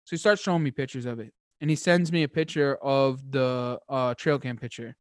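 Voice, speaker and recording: A man telling a hunting story as a podcast guest, excitable and rambling, with lots of high energy. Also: fairly quick, no echo, studio quality. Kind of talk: casual chat, hunting story.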